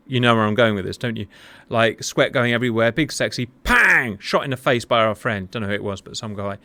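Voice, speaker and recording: A man's voice: mid-range voice, fairly quick, sharp tone, no room sound. A man hosting a flight sim debrief, joking and exclaiming playfully between updates. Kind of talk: animated gaming commentary.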